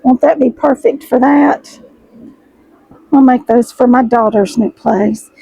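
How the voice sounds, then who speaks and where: A middle-aged woman chats warmly to her viewers, gushing as she unboxes fabric. Her voice is high and husky, hoarse and froggy as if she is about to lose it. The sound is close and dry. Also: slow pace, dry recording, phone-quality sound. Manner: chatty, gushing, addresses viewers as y'all. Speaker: sewing vlogger host. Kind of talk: casual chat while unboxing fabric.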